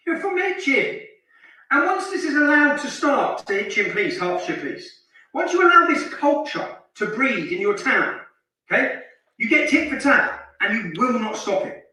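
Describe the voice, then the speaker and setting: Guy from luton ranting hard, high lively voice, bright edge, sounds echoey and far off like a clip played back. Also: normal speed. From Luton, England. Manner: heated, scornful, repeats phrases for emphasis. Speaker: online commentator narrating a street video. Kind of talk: indignant ranting commentary.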